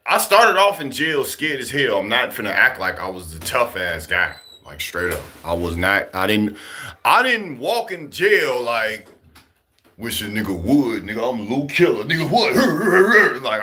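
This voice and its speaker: A man from Chicago casually telling a story to his viewers, profane and animated, laughing as he goes. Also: mid-range voice, normal speed. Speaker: vlogger talking to his viewers.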